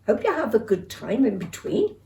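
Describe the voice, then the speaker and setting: Lively older woman reading to children. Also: medium pitch, moderate pace, vocal fry, recorded from a distance. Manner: lively, expressive storybook reading. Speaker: storyteller. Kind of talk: reading a children's story aloud.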